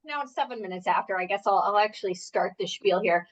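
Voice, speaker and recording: A woman's voice: medium pitch, fairly quick, dull audio. A woman health coach leading a live group workshop from home, talking in a chatty, rambling way full of fillers and asides. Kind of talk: casual live workshop talk. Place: at home, indoors.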